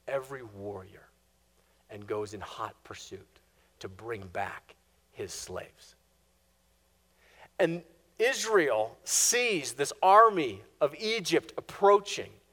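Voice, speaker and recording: A male pastor preaching a sermon in an animated, storytelling way with touches of sarcastic humor. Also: on the high side.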